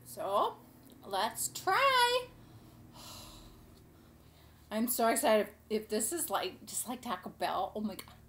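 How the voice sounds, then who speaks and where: A woman's voice: fairly high pitch, very animated, slow pace, long pauses, a bit bright, slight background noise. A woman hosting a casual cooking show, chatting to camera in a gushing, rambling way.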